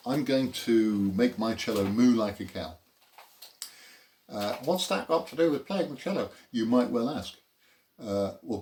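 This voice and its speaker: A man with a fairly low voice teaches a relaxed cello lesson, explaining each step plainly. He slips in dry, self-mocking asides, and cello notes sound between his phrases. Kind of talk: informal music lesson. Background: cello playing between phrases.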